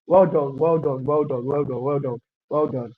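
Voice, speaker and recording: A man's voice: mid-range voice, steady tone, normal speed. A man teaching web coding in a live online class. He repeats himself often and encourages the students while he types. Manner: repetitive, encouraging, thinks aloud while typing. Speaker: coding instructor. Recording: dull lo-fi stream audio.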